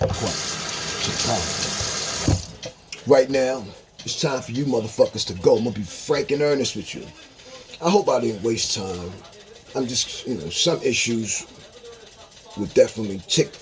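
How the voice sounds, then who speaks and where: A man vlogging a profane, heated rant, dropping to low mutters and jumping to high-pitched outbursts. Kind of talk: profane ranting monologue. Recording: noisy, running water tap behind.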